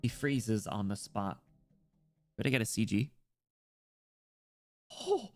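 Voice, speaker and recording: A man streaming a story game, reading its narration aloud and breaking in with excitable, jokey, swearing reactions. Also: fairly low pitch, moderate pace, soft background music.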